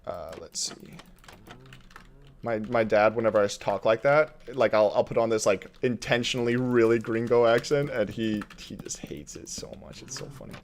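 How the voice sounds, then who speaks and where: A man's voice: on the low side, moderate pace, a little hiss or hum. A man streaming a building game from his desk at home, thinking aloud in casual commentary, reading chat and chuckling often.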